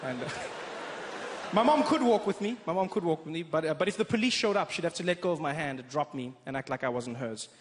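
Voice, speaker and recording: South african guy doing standup, high lively voice, echoey big room. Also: fairly quick. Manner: animated storytelling, jumps into voices. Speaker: stand-up comedian. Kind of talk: stand-up comedy. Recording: reverberant hall with background noise.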